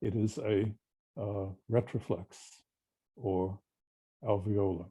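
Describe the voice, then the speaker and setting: An older man with an Australian accent giving a measured, technical linguistics seminar lecture. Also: on the low side, fairly even intonation, dark tone, husky. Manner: measured, technical, explanatory with pauses.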